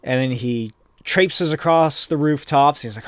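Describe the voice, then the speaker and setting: A man hosts a podcast and casually recaps a comic book, rambling along with plenty of filler words. His voice sits a little high for a man. The sound is close and dry, with no room echo. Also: unhurried. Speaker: podcast host.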